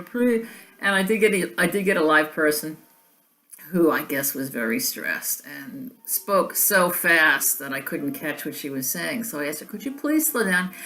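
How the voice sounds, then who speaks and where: A woman's voice: lowish voice, a bit bright. A woman chatting casually to camera from her home in a wry, rambling way, with many asides. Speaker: vlogger. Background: faint classical music.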